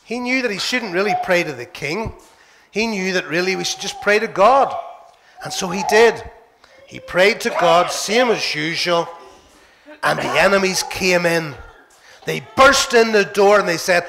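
A man with a Northern Irish accent, a minister telling a Bible story to children in church, playful and animated. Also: high-pitched, a little slow, creaky, background noise.

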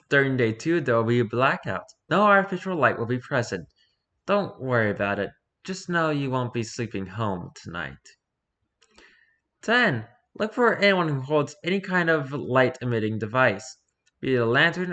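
A man reading a rules-style horror story aloud for his channel, lively, with occasional stumbles and restarts. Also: medium pitch, normal speed. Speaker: YouTuber reading horror stories.

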